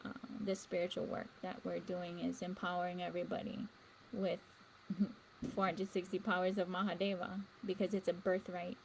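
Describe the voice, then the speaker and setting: A woman's voice: on the low side, flat delivery, moderate pace, a little hiss or hum, poor audio. A woman hosting a spiritual livestream, talking earnestly and rambling with fillers. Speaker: livestream host. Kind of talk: casual spiritual talk.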